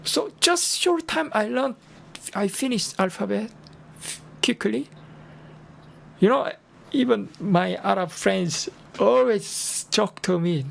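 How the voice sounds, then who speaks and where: An older Korean man with a Korean accent and a hoarse, strained voice, chatting casually as a teacher in broken English with earnest encouragement. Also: sits high, expressive, measured pace. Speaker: Arabic and Islam teacher. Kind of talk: casual livestream talk.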